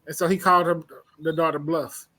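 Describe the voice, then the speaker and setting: A man's voice: on the high side, fairly even intonation, brisk, pushed and bright, rough recording. A man co-hosting a casual talk show, telling jokes and stories with frequent laughs. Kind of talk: casual comedic chat.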